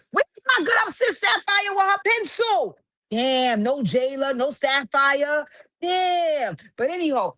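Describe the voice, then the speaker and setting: A woman's voice: medium pitch, fairly bright tone, no room sound. A woman hosting a livestream, recapping reality TV in casual, profane chat with sing-song refrains. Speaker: livestream host.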